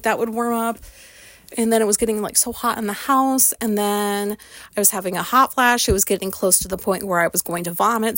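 A woman's voice: on the high side, no room sound. A woman vlogger telling a personal story in a candid, rambling way, swearing often. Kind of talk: casual storytelling monologue.

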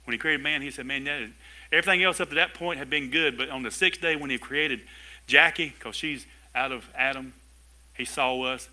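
A man pastor preaching a sermon in a lively way, with asides and chuckles to his congregation. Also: mid-range voice, brisk. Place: church service with a congregation.

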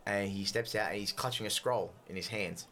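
A man with a low, gravelly voice narrates a tabletop role-playing game as its game master. He describes scenes and rules in a loose, casual way, with a little faint noise behind him. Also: a little fast, sharp tone.

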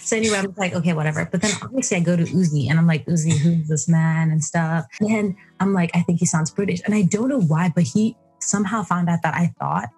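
A young woman from South Africa hosts a casual podcast, telling a personal story with animated, giggly energy. Her voice is very husky and breathy, a little low for a woman. Faint music plays behind her. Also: fast, few pauses. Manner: animated, giggly, acting out her own past thoughts. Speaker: podcast host.

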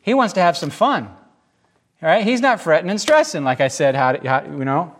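A man giving informal, emphatic Bible teaching in a lively, conversational way. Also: fairly high pitch, moderate pace.

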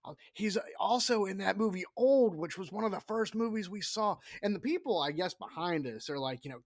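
A middle-aged man hosting a casual solo horror podcast, rambling and profane, dropping into hushed whispers for asides. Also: sits high, animated, a little fast. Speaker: podcast host.

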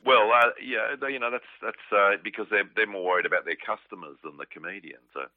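Deep-voiced man on phone. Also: fast talker, no room sound. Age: 40s. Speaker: comedian guest. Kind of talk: casual phone interview. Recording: tinny dry phone line.

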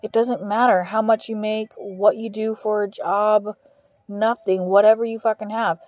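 A woman's voice: mid-range voice, steady tone, normal speed, a little mellow, dry recording. A woman hosting a podcast, venting about work with frequent swearing. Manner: frustrated, heavy swearing, ranting. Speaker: podcast host. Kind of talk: venting monologue.

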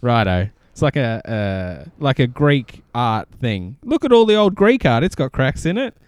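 A laid-back, jokey man with a crisp, dry sound. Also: medium pitch, big pitch swings, normal speed, a little mellow, no echo. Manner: jokey, laughs often, agreeable. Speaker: podcast co-host. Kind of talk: casual chat.

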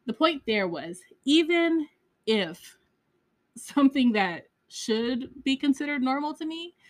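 A woman hosting a podcast, telling a personal story in a candid, casual way, with frequent swearing and lots of "like" and "you know". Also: mid-range voice. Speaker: podcast host.

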